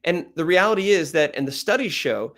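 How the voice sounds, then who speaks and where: A male presentation coach gives a spirited, loud talk about pitching. His delivery is animated, and he intentionally changes speed, volume and pitch for emphasis.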